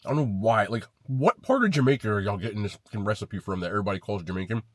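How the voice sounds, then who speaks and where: A man's voice: on the low side, lively intonation, very fast, no room sound. A man reviewing chain restaurant sandwiches in a casual vlog, blunt and swearing freely as he rates them. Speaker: food vlogger.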